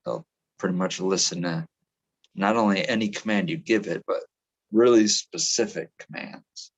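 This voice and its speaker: A man in casual chat on a podcast, rambling and swearing freely, often restarting his sentences. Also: low voice. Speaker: podcast co-host.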